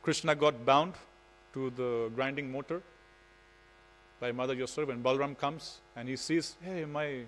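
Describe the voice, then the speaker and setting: A man's voice: mid-range voice, fairly even intonation, normal speed, a bit bright, slight background noise, rough recording. A man giving a devotional scripture class in a temple, telling stories in a casual way with frequent "you know". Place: temple hall.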